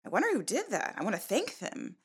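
A woman's voice: mid-range voice, huge pitch swings, fast talker, husky. An actress playing a flustered young woman who runs her own website, in an audio drama, reacting with exasperated exclamations.

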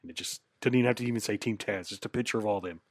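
A man's voice: fairly low pitch, very fast, dry recording. A man co-hosting a podcast, chatting casually and easygoingly about wrestling with a ready laugh. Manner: easygoing, laughs often, many fillers. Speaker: podcast co-host.

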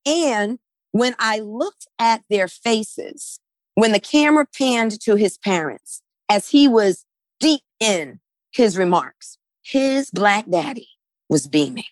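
A woman's voice: medium pitch, lively intonation, takes it slowly, no echo. A woman speaking as a guest in a conversational discussion, emphatic and often checking in with "right?".

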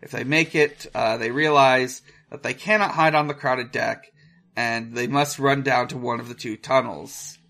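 A man co-hosting a podcast, chatting casually and reading a gamebook aloud with loose, halting phrasing and plenty of swearing. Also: medium pitch, fairly even intonation, gravelly, sharp tone. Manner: loose and profane, halting with restarts and fillers while reading.

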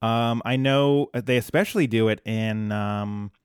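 A man's voice: mid-range voice, a little slow, smooth, dry recording, clean studio sound. A man co-hosting a podcast in casual chat, rambling and self-deprecating with lots of ums. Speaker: podcast co-host.

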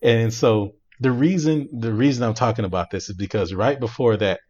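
A man co-hosting a casual movie review chat, retelling scenes in an animated, slangy way. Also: medium pitch, moderate pace, muffled recording. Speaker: podcast co-host reviewing movies.

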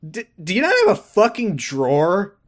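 A man's voice: high voice, normal speed. A man co-hosting a podcast, casually recapping a TV episode and acting out the characters' lines in mocking voices. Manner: animated retelling with mocking voices for quotes. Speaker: podcast co-host.

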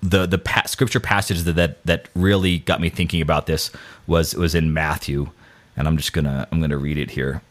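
Deep-voiced man rambling through faith talk. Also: steady tone, normal speed. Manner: rambling, self-deprecating, many restarts.

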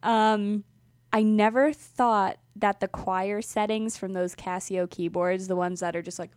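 A young woman co-hosts a casual music review chat, gushing and rambling with plenty of ums. Her voice sits at an ordinary middle pitch and the recording is dry and close. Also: fairly even intonation, a little slow, a little mellow, dry recording. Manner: chatty, gushing, frequent ums and laughs. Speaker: music podcast co-host.

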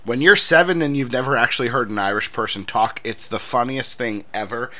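A man's voice: mid-range voice, fairly quick, bright, forceful tone. A man co-hosting a wrestling podcast, chatting casually in a joking, self-deprecating way. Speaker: podcast co-host. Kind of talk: casual chat.

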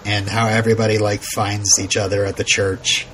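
A man's voice: fairly low pitch, flat delivery, moderate pace, a bit bright, slight background noise. A man co-hosting a casual show recap, rambling and laughing often as he retells scenes. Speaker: podcast co-host.

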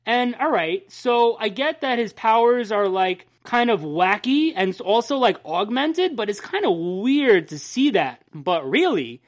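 A host in a casual chat, retelling at length in a rambling, profane, animated way. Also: medium pitch, unhurried, hardly any pauses. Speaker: podcast host.

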